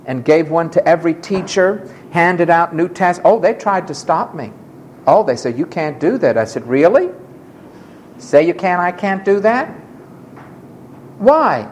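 Male preacher, storytelling sermon, animated swings in pitch, emphatic delivery. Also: slight background noise, rough recording. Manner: emphatic, dramatic retelling with acted quotes.

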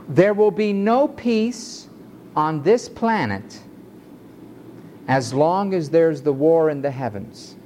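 A male preacher delivering an emphatic sermon in a measured cadence, stretching his phrases out. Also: on the high side, darkish tone, a little hiss or hum.

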